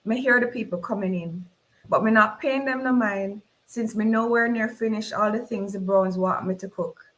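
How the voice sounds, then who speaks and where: Woman, jamaican accent, dramatic novel reading, expressive, mid pitch. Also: moderate pace, rough recording. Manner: expressive, voices the characters in dialogue. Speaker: reader.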